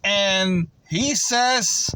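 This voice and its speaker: Aggrieved New man with a high voice. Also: extremely slow, bright, forceful tone, slight background noise, poor audio. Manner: aggrieved, repetitive, insistent; frequent stammered restarts. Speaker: vending route operator. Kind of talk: casual storytelling to camera.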